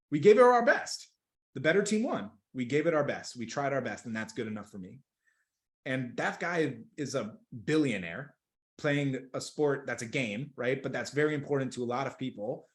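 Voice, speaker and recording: A young man coaching sales in a webinar, energetic and emphatic, repeating words for stress. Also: mid-range voice. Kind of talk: webinar teaching. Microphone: video call.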